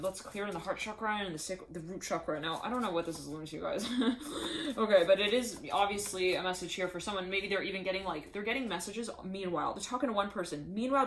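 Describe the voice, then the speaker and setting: A woman's voice: lowish voice, a little hiss or hum. A woman giving a channeled tarot reading, rambling and laughing as she acts out the voices she says she hears. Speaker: tarot reader.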